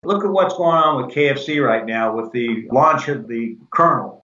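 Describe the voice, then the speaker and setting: A man's voice: mid-range voice, normal speed. Older man telling stories in an echoey room. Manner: animated anecdotes with quoted dialogue. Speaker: guest, former company president. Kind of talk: conversational storytelling. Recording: echoey, distant, dull sound.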